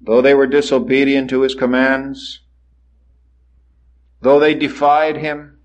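Dramatic preacher man, dull recording. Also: fairly high pitch. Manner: dramatic rises and hushed drops, acts out quoted voices. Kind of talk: sermon.

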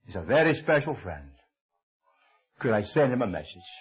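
An older Scottish man preaches, weaving a story into his sermon with lively, swooping pitch. His voice is husky. The recording is dull and lo-fi. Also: moderate pace. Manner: animated storytelling, acting out dialogue with shifting pitch.

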